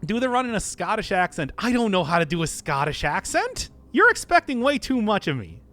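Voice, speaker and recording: A man's voice: sits high, sing-song, fairly quick, pushed and bright, soft background music. A male streamer chatting casually and playfully with his audience, laughing often. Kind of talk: casual live-stream chat.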